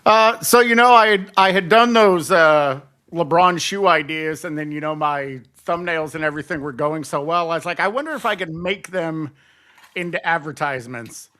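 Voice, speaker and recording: A man's voice: on the high side, normal speed, bright, forceful tone. A man, a guest on a live stream, explaining his artwork hesitantly with many fillers. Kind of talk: casual explanation.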